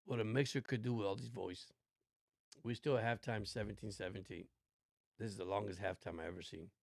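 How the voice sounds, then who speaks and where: Low gravelly guy rambling on his sports livestream, dry close mic. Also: steady tone, a little fast, darkish tone, no echo. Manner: rambling, laid-back. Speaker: livestream host. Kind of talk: casual watch-along chat.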